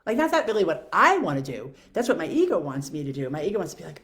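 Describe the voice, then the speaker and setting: A woman speaks straight to her viewers in a reflective vlog, turning her own thoughts over with candid, self-questioning honesty. Her voice sits on the lower side but swings widely in pitch, which keeps her casual musings lively. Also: fast, hardly any pauses. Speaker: video blogger. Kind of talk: reflective personal monologue.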